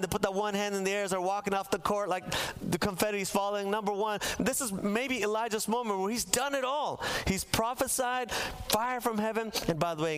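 A man's voice: sits high, fairly bright tone, clean tone. A man preaching a sermon in a church, telling a Bible story with humor and acting out the characters' lines for the congregation. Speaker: pastor. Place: church sanctuary.

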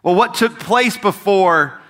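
A man preaches to his congregation in a conversational, emphatic way. His voice sits a little high, with a bright, forceful edge. He keeps speaking straight to the people in front of him. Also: animated, slow. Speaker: pastor. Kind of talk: Easter sermon. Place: church service.

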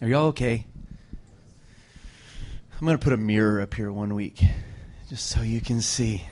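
A man preaching to a congregation, retelling a scripture story with lively joking asides. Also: lowish voice, moderate pace.

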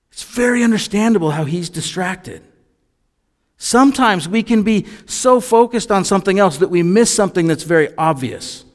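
Man preaching a sermon in a reverberant hall. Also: high voice. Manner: conversational, reads scripture then explains it with asides. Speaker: pastor.

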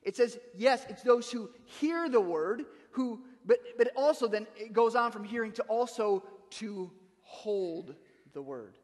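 A man's voice: high-pitched, lively intonation, unhurried, a little mellow, in a large hall. A man preaching a sermon as pastor, speaking in a conversational way with frequent restarts and asides.

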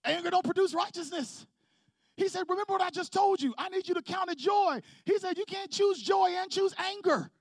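A very high-voiced male pastor preaches briskly, with few pauses, to his congregation in a church sanctuary. He builds intensity and calls for responses. There is no room sound, just clean studio audio.

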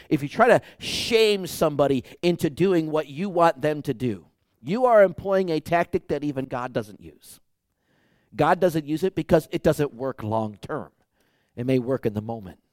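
A man preaching a sermon as pastor, emphatic, swinging from quiet lines to loud bursts. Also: a little high, dry recording, studio quality.

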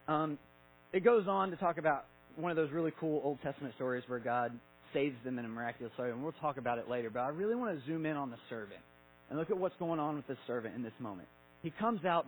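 A man's voice: on the high side, low-quality recording. A man in his thirties preaching a sermon, casual and conversational, acting out Bible stories with filler words. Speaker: pastor.

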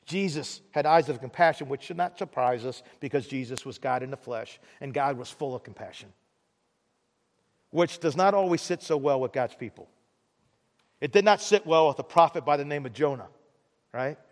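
A man's voice: medium pitch, animated, moderate pace, long reverb tail. A man preaching a sermon in a conversational way, often restarting words and pressing harder on the key points. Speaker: pastor.

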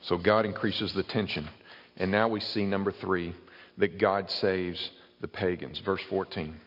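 Low-voiced preacher in an echoey hall. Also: male voice, steady tone, measured pace, dull audio. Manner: expository preaching, reading verses aloud. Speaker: pastor. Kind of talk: sermon.

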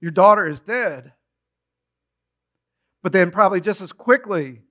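Guy preaching, high bright voice, tells the story all animated. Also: unhurried, long pauses. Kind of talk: sermon.

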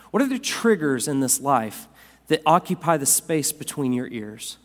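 A man preaching a sermon as pastor, swinging from loud, raised lines down to quiet, soft ones. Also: medium pitch, very animated, moderate pace. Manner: dynamic preacher, rising loud then dropping soft. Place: church sanctuary. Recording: long hall reverb.

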